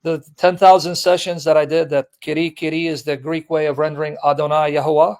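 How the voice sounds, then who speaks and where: A man's voice: on the high side, level tone, fairly quick, darkish tone. A man hosting an apologetics call-in show, blunt and teasing, repeating his points with emphasis. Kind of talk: live call-in debate chat.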